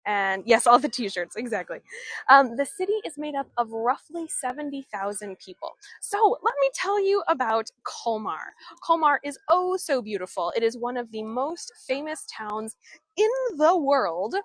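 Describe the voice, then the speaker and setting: A woman's voice: fairly high pitch, expressive, moderate pace, a bit bright, dry recording. Chatty woman guiding a live walking tour. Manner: chatty, answers viewers' comments as she walks. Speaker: live-stream tour guide. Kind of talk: casual live-stream walking tour chat. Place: outdoors in an old town street. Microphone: handheld camera or phone she turns while walking.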